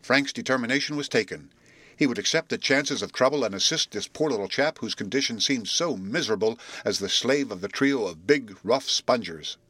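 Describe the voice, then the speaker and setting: A man calmly reading a chapter of an adventure book aloud as an audiobook narrator. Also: mid-range voice, fairly quick, husky, dry recording. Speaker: audiobook reader. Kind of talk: storybook narration.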